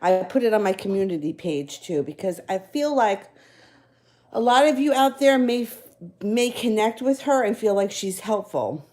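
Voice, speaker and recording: Mellow-voiced woman reading tarot live. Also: medium pitch, lively intonation, moderate pace. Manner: casual, rambling, self-correcting; chuckles between phrases. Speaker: tarot reader.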